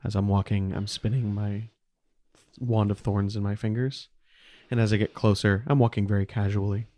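A man's voice: lowish voice, fairly even intonation, normal speed, mellow. A man playing a tabletop game, speaking his character's lines in a solemn, earnest way. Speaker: player.

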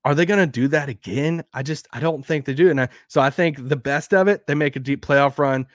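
A man with a Southern accent hosting a sports podcast, rambling and animated, laughing now and then. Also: on the high side, brisk, no echo, clean studio sound. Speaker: podcast host. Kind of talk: casual sports talk.

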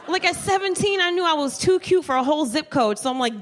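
A woman comedian on stage with a bright, high voice, spinning brash and profane stories. She giggles through her lines and talks to the crowd in front of her. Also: quick pace, hardly any pauses, background noise. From New Jersey, USA. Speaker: stand-up comedian. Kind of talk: live stand-up set. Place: comedy stage before a live audience.

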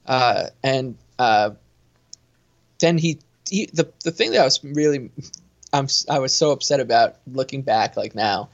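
A man's voice: mid-range voice, measured pace. A man telling a story in a casual sports chat, rambling and cutting himself off as he goes. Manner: rambling, self-interrupting, animated storytelling. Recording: dull lo-fi sound.

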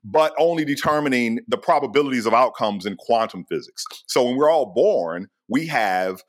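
A man speaking as a podcast guest, telling stories casually and with energy. His pitch swings widely as he talks. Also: normal speed. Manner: animated, street-casual storyteller. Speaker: guest, scientist. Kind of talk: casual interview storytelling.

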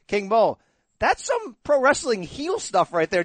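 A man hosting a sports talk show, asking questions and steering the talk to the next topic. His voice sits a little high and sounds dry and close to the mic. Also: wildly swooping pitch, measured pace, fairly bright tone, no room sound. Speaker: host.

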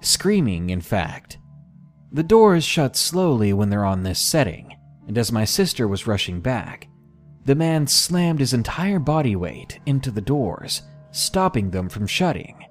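A man narrating a scary first-person story for a podcast, measured and deliberate. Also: medium pitch, sing-song, faint music behind. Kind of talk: scripted horror story narration.

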